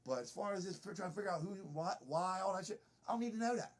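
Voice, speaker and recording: A man's voice: sits high, fast. A middle-aged man doing an improvised comedy monologue, boastful and rambling.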